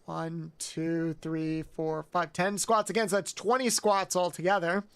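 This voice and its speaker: An excitable male streamer talking to his chat at an unhurried pace. He swears freely and breaks into high yelps. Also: clear, resonant tone. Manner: excitable, swearing, yelping outbursts. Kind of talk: live game stream chat.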